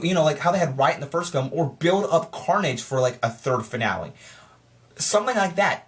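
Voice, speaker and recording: Rambling, excitable film reviewer. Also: medium pitch. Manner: rambling and excitable, with frequent restarts and stammered repeats; frustrated, rhetorical, asks itself questions. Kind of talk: casual spoiler review vlog.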